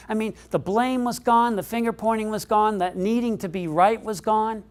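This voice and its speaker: A middle-aged man giving a keynote speech, telling a story with animated delivery that lifts in pitch as he gets excited. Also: moderate pace, hardly any pauses. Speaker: keynote speaker.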